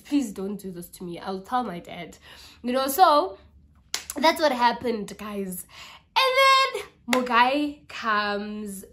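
A young South African woman with a South African accent, casually telling a personal story to her vlog viewers, chatty and animated. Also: fairly high pitch. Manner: chatty, animated retelling with quoted voices and code-switching. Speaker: YouTuber.

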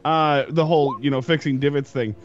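A man's voice: on the high side, fairly even intonation, a little fast, muffled recording, faint music behind. A man playing a tabletop game, bantering goofily in character. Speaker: player.

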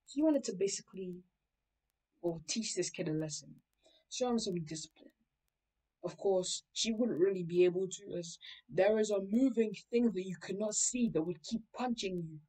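A woman's voice: medium pitch, normal speed, mellow, rough recording. A woman casually narrating a fan story, rambling, swearing and correcting herself as she goes.

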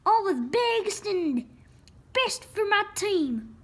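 A woman voicing a boastful male football coach in a storybook reading, slow and loud. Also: very high-pitched, very animated, heavily acted. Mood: proud.

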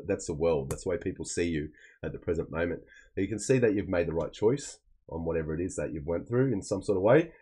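A man's voice: a bass voice, warm tone, husky, rough recording. A man giving a casual, rambling tarot reading, often repeating himself and checking in with "okay?". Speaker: tarot reader.

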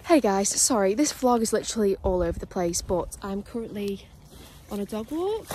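Speaking briskly in a mid-range voice with a dark tone, a young vlogger chats to her camera during a dog walk outside and later at home. She rambles, leaning on "like" and "literally," and there's a little hiss or hum in the audio.

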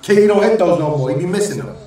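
A man hosting a basketball reaction video, talking loud and profane trash talk and repeating his lines. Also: high-pitched, expressive, very fast, very echoey, far from the mic, poor audio. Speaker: reaction channel host. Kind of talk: excited basketball reaction commentary.

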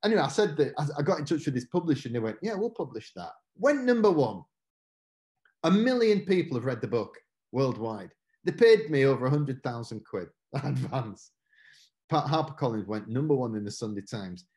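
Animated British man telling his story. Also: mid-range voice, fairly quick. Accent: British English. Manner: chatty, self-mocking, acts out quotes. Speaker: motivational speaker. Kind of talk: motivational talk.

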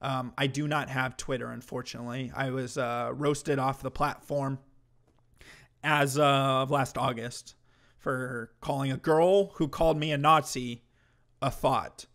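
A man's voice: medium pitch, steady tone, unhurried, a bit bright. A man streaming commentary to his chat, ranting in a heated, mocking way with heavy swearing.

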